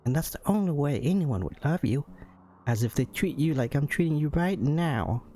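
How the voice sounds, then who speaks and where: A man's voice: fairly high pitch, animated, moderate pace, warm tone, voice pushed up. A man putting on a scornful cruel blind date woman. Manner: cutting and scornful.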